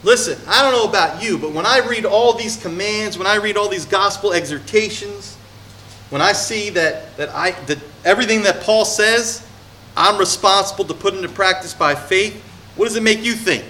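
Preaching in a conversational style, this male pastor shifts from hushed storytelling about his own life to forceful, building calls to action. He speaks at a normal speed in a high voice, with a faint hiss or hum in the background.

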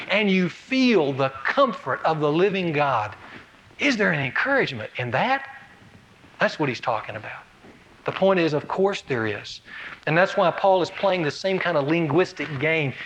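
A male pastor preaching a sermon in a conversational way, asking rhetorical questions and swinging between raised and lowered emphasis. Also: a bit bright, dull audio, slight background noise.

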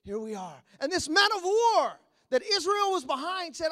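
A preacher with a notably high, lively voice delivers a sermon. He swings from near whispers to bursts of shouting, acting out little dialogues as he goes. He sounds middle-aged. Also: normal speed, few pauses. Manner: preaching with sudden shouts and acted-out quotes. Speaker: pastor.

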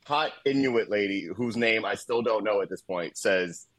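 A man casually recapping a movie on a podcast, animated and profane, laughing often and mimicking lines of dialogue. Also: fairly low pitch, moderate pace, no room sound. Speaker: podcast co-host. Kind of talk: casual movie-review chat.

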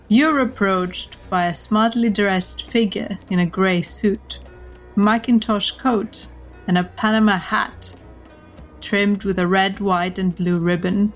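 A woman narrating a tabletop role-playing game as game master, measured and given to laughing. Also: medium pitch.

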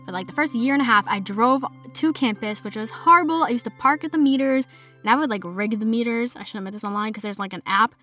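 A woman's voice: fairly high pitch, quick pace, sharp tone, faint music behind. A young adult woman with a Boston accent, chatting casually as a podcast host and filling her talk with "like". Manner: chatty, heavy use of "like" fillers. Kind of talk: casual chat monologue.

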